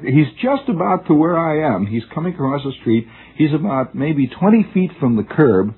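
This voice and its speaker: A man's voice: medium pitch, husky. A man telling a rambling, musing story as a radio monologue, with frequent restarts, recorded on a tinny old radio broadcast. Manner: discursive, musing, restarts often.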